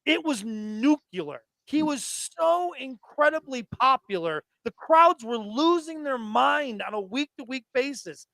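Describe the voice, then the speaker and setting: High-voiced excited man, dry sound. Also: measured pace, vocal fry, hardly any pauses, dry recording. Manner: excited, profane storytelling. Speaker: podcast co-host. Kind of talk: casual wrestling chat.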